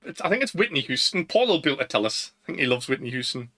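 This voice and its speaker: A man's voice: medium pitch, big pitch swings, rapid-fire, sharp tone. A British man co-hosting a podcast in casual chat, rambling and laughing often. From Britain. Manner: giggly, rambling, trails off mid-sentence. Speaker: podcast co-host. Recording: live-streamed podcast.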